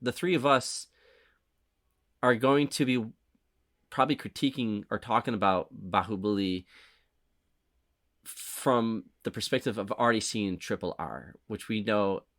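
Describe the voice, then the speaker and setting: Male podcast host, lowish voice, chatty and meandering, hedges a lot. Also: measured pace, long pauses, a bit bright, no echo, clean studio sound. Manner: rambling, apologetic, circles back on itself. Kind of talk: casual movie-review chat.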